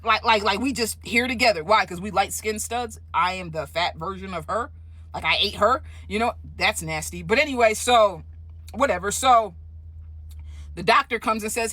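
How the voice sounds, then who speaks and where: A woman telling a story in a casual vlog, animated and profane, often asking "right?". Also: mid-range voice, moderate pace, no echo.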